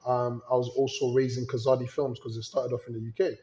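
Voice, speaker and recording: A man with a London accent talks candidly in a casual interview, relaxed and quick to laugh. His voice is mid-pitched, and it echoes in the room. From London, England. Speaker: guest, film company CEO.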